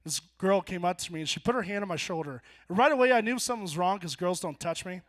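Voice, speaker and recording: A young man in his twenties performing a stand-up set on a bar stage, telling stories deadpan and then jumping into loud punchlines. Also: high voice, fast talker. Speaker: stand-up comedian. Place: bar stage before a live audience.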